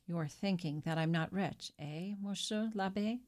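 A woman's voice: fairly low pitch, moderate pace, a little mellow, lightly acted. A woman reading an audiobook and voicing an eager, ingratiating male innkeeper who fusses over a guest. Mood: self-pitying. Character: fawning, flustered male innkeeper, middle-aged. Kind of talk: audiobook character voice.

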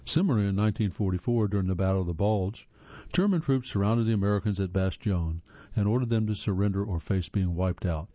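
A man's voice: on the low side, quick pace, mellow, no room sound, dull audio. A man reading a scripted trivia narration in a wry, playful way, tripping over words now and then.

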